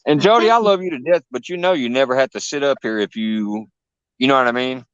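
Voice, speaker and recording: A man's voice: mid-range voice, fast, clean tone, no room sound, lo-fi sound. Easygoing man chatting on a livestream. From Illinois. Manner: easygoing, laughs often, reads out chat names. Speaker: livestream host. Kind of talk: casual livestream chat.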